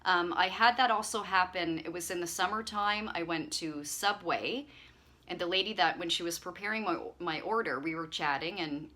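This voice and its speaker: Woman, bright tone, slightly low pitch, casual vlog chat, rambling with fillers. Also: moderate pace. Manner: chatty, warm-hearted rambling with frequent fillers. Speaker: channel host.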